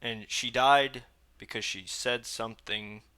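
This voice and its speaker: A man's voice: medium pitch, steady tone, measured pace, sharp tone, clear, resonant tone. A young man hosting a reaction video, talking casually in an agitated, blunt way and repeating himself.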